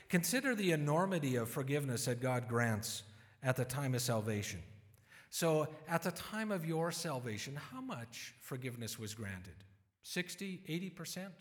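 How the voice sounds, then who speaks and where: A man preaches a sermon in a voice a touch higher than most. He retells scripture in plain, lively words and acts out its people. The sound rings with the long reverb of a large hall.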